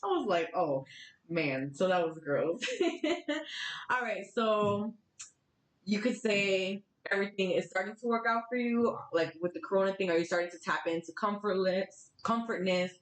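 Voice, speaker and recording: A woman in her thirties hosts a podcast in casual chat, telling her stories with lively, animated energy. Her voice sits at an ordinary middle pitch. The room around her sounds roomy and echoey. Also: normal speed. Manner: chatty, animated storytelling with laughs. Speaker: podcast host.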